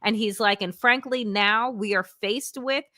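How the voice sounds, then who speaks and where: A woman political analyst in casual conversation, telling a lively anecdote and quoting others as she goes. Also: mid-range voice, unhurried, no room sound, clean studio sound. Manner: lively, quotes others in voices, laughs often. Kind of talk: casual chat, animated storytelling.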